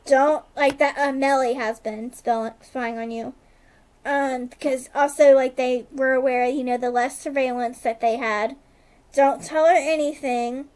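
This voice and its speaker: A woman with a high, bright-sitting voice chats casually as a podcast co-host. She tells the story in a loose, rambling way, stringing events together with "like" and quick asides. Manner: rambling retelling, heavy use of "like", quick asides. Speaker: podcast co-host recapping a TV episode. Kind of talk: casual chat.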